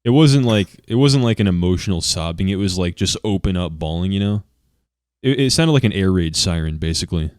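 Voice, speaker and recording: Very deep-voiced, easygoing man, dry mic. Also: expressive, fairly quick, clear, resonant tone, no room sound. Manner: easygoing, self-deprecating. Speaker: podcast co-host. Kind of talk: casual chat.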